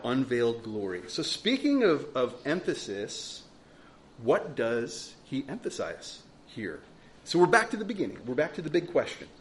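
A man's voice: mid-range voice, slight background noise. A man preaching a sermon, earnest and emphatic, asking the congregation rhetorical questions. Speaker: pastor.

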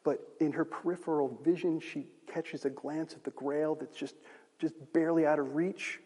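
A man's voice: fairly high pitch, steady tone, normal speed, mellow, husky. A male pastor preaching a sermon, conversational and asking the audience rhetorical questions. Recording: long reverb of a large hall.

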